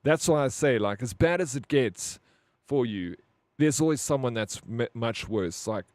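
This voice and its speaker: A South African man talks loosely to his stream chat at an ordinary middle pitch. He is blunt and swears freely, with lots of "bro." The sound is dry and close, with no room echo. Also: expressive, moderate pace, darkish tone. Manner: blunt, profane, rambling with frequent "bro". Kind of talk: casual live-stream chat.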